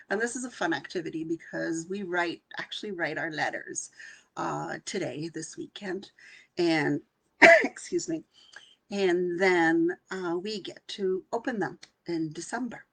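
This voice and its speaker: Older woman leading a guided meditation, unhurried and breathy, slightly low voice. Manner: calm and soft, with some lines half whispered. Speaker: intuitive channeler hosting a live session. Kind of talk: gentle guided meditation talk.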